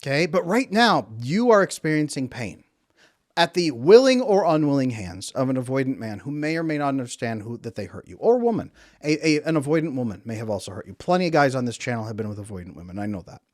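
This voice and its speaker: A man's voice: medium pitch, big pitch swings, fast, a little mellow, no echo, studio quality. A man working as a relationship coach, talking to camera in an emphatic, repetitive way and acting out quotes.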